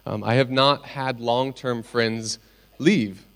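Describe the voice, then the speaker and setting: A man's voice: mid-range voice, fairly even intonation, fairly bright tone. Earnest middle-aged man preaching. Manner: earnest, personal storytelling with pauses. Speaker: pastor. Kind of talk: sermon.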